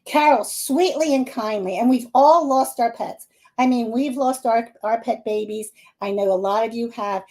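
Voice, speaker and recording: Host: middle-aged woman, Philly-area accent, high-pitched, lively and laughing, talking to viewers on a live stream. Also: moderate pace. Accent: Philadelphia area. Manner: chatty, animated, laughing often. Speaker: psychic medium hosting a live stream.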